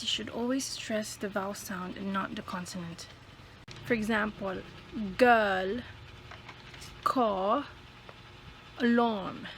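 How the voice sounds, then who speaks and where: A woman presenting a school video, calmly explaining pronunciation tips and repeating example words one by one. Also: medium pitch, slight background noise, rough recording. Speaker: student presenter.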